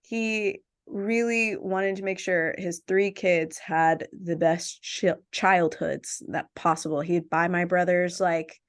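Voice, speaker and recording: A woman hosting a podcast, chatting casually and telling family stories with quick asides. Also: lowish voice, steady tone. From family from Jamaica. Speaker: podcast host. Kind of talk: casual chat.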